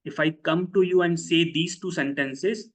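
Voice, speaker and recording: A man's voice: a little high, normal speed, poor audio. A man gives a live online lecture, explaining step by step and often asking his audience questions. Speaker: webinar presenter.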